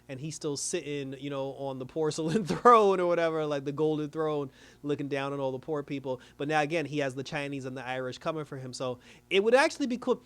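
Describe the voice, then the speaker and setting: A man reviewing a TV episode in casual recap commentary, animated, laughing often and dropping his voice low to mimic characters. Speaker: TV show reviewer.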